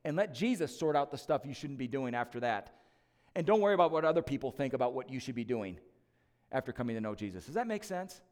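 A man's voice: mid-range voice, very animated, quick pace, big-room sound. A man preaching a sermon as lead pastor, conversational and emphatic, with joking asides to the church.

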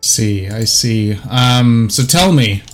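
Slow-talking male game master. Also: lowish voice, soft background music. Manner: halting, many fillers. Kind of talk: narrating a tabletop game.

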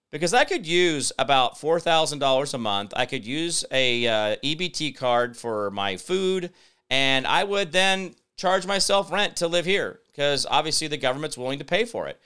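A man's voice: on the high side, sharp tone, smooth. Sarcastic rambling man hosting commentary. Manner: sarcastic, rambling, mock-innocent asides. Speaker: host. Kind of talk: solo political commentary.

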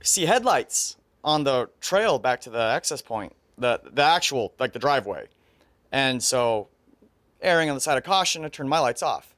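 A man with a mid-range voice tells a story to friends in a casual chat. He sets out the details one by one in a measured way. His voice sounds dry and close, with no room echo. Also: mid-range voice, animated, fairly bright tone. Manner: methodical, sets out details step by step.

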